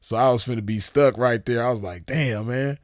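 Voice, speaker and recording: A man's voice: mid-range voice, fairly even intonation, quick pace, no room sound, clean studio sound. A man in his forties hosting a show, chatting casually with viewers and telling rambling, slangy stories with easy laughs. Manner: laid-back, rambling, laughs easily, slangy. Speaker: show host. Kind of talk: casual storytelling chat with viewers.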